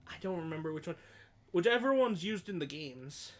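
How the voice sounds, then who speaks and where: A man's voice: fairly high pitch, animated, moderate pace. A man co-hosting a podcast, chatting casually with opinionated asides and frequent swearing. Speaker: podcast co-host. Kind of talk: casual chat.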